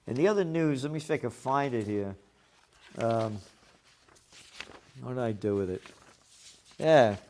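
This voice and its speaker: A man's voice: medium pitch, measured pace, long pauses, darkish tone, a little hiss or hum. A man hosting an opinionated news commentary show, blunt and sarcastic, with profane heated outbursts. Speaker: host of a trends commentary show.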